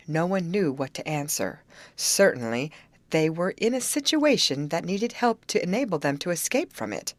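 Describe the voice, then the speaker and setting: A woman reading an audiobook aloud in an expressive, animated narration style. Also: fairly low pitch, moderate pace, no room sound. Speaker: audiobook reader. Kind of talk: scripted narration.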